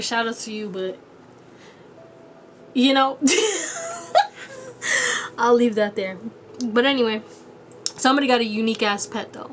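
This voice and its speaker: Over a faint background hiss, a talkative tarot reader runs a relaxed pick-a-card session, cursing freely and laughing a lot. Her voice sits slightly high for a woman, and she slips into playful, high-pitched voices when quoting people.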